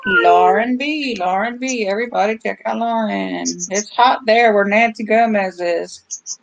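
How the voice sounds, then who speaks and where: A woman's voice: medium pitch, steady tone, unhurried, vocal fry, dull audio, background noise. Female livestream host, casual, reads chat comments aloud.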